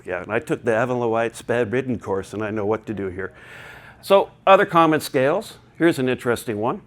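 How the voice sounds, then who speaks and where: A man's voice: mid-range voice, lively intonation, a little fast. A man presenting a technical talk to a live conference audience, chatty and digressive, with joking asides. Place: conference hall.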